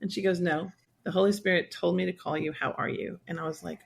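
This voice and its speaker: Candid woman with a gravelly voice. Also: lowish voice, steady tone, quick pace. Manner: candid, rambling, acts out quoted voices. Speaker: guest, survivor advocate. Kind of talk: personal storytelling in a podcast interview.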